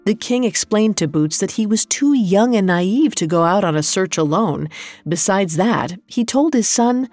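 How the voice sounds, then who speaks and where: A woman telling a folktale in a measured, scripted storytelling delivery. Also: mid-range voice, lively intonation, darkish tone, no room sound, soft background music. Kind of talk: scripted narration.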